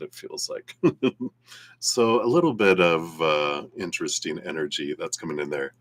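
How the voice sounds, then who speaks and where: A man with a very low voice gives a live tarot reading. He talks casually and wanders from thought to thought, laughing easily. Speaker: tarot reader.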